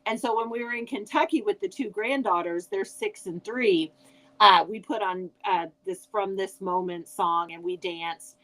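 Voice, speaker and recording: A woman's voice: mid-range voice, normal speed, sharp tone, poor audio. Chatty older woman telling family stories. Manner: chatty storyteller with frequent restarts. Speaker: guest author. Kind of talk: casual chat.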